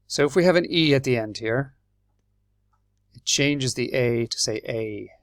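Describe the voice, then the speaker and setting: A man with an Irish accent teaching English, explaining patiently and clearly and spelling words out letter by letter. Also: mid-range voice, unhurried, long pauses, no room sound, studio quality. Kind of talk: slow, clear classroom explanation.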